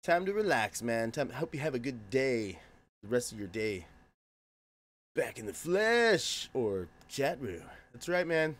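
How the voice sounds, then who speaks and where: Goofy guy livestreaming games, kinda high voice, bouncy delivery, joking with chat. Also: big pitch swings, unhurried. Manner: goofy, jokey, greets chatters by name. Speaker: game streamer chatting with viewers. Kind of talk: live stream chat.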